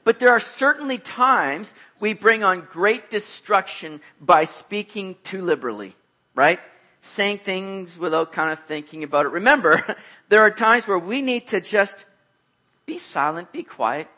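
A middle-aged man preaching a sermon, telling lively personal stories and acting out the voices of the people in them. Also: high voice, measured pace. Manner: animated storyteller, acts out voices, laughs at himself. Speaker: pastor.

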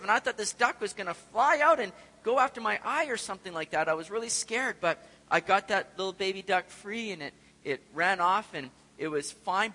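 A man preaching a sermon, telling stories with animated, self-deprecating humor. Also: high voice. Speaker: pastor. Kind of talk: sermon with personal story. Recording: echoey hall reverb.

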